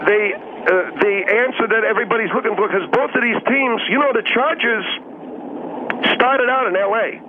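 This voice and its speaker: A man's voice: extremely high pitch, normal speed, pitched above the performer's own voice. A man voicing a stubborn, condescending middle-aged male caller with a North Dakota accent, speaking over a phone line. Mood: rambling. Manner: condescending, testy, evasive. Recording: tinny phone line with hiss.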